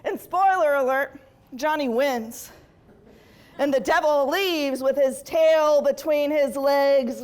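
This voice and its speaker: A woman's voice: sits high, slow pace, a little mellow. A woman hosting a comedy show, telling a playful story to a live audience and giggling along.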